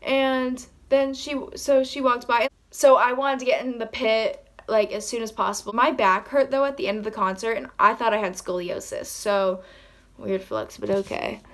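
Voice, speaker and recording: A woman telling a story in a casual vlog, rambling excitedly with lots of "like" and acting out what people said. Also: fairly high pitch, normal speed, few pauses. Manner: acts out quoted lines in her own voice. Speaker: vlogger.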